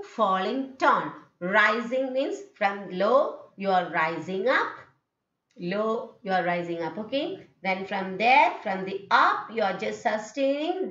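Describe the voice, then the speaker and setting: A woman with an Indian English accent teaches intonation in a recorded university lecture. She speaks slowly and patiently, and her pitch moves a lot. Her voice sounds echoey and dull, as if recorded in a bare room on lo-fi gear. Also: fairly bright tone. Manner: patient, repeats each point with "okay".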